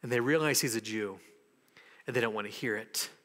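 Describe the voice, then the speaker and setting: A man preaching a sermon as pastor, animated and acting out the voices of people in the story. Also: medium pitch, a little fast, big-room sound.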